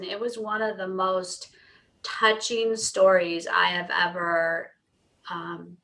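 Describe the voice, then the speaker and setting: Earnest middle-aged woman guest, bright clear tone, storytelling podcast talk. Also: mid-range voice, low-quality recording. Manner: earnest, storytelling, acts out dialogue. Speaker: pet communicator guest. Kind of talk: conversational interview explanation.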